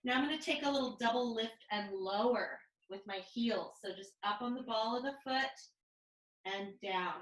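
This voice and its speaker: Bright-voiced woman cueing a pilates class. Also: fairly high pitch, moderate pace, reverberant, poor audio. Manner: calm step-by-step cueing with breath counts. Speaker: pilates instructor. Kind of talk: cueing a live online mat class. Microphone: video call.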